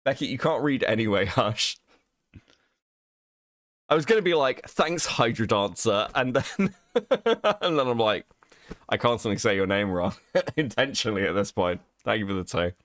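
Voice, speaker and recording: A young man talks loosely on a livestream, his pitch jumping all over as he swears and jokes. The sound is dry and close to the mic, with no room around it. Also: moderate pace, long pauses, dry recording. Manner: swearing, animated and joking. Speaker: streamer co-host. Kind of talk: casual livestream chat.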